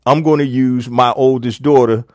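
A middle-aged man gives business advice on a live show in an easy, chatty way. He tells stories and acts out bits of dialogue. His voice sits at an average pitch, and the recording is dry and close. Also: fairly even intonation, moderate pace, no echo. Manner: casual, chatty, storytelling with quoted dialogue. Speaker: business coach host.

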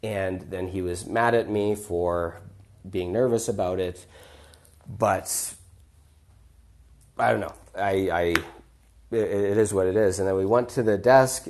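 A man with a fairly low voice tells a personal story on a podcast. He talks casually and with energy, often backing up and adding fillers as he goes. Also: a little mellow. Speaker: podcast host.

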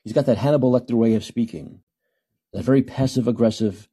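Husky, combative male podcast host. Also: medium pitch, a little fast, dark tone. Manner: combative, sarcastic ranting. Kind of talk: solo call-in podcast commentary.

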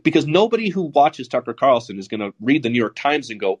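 A man's voice: medium pitch, very animated, fast, slightly rough. A man hosting a podcast, talking politics in a casual, sardonic and profane way. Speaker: podcast host.

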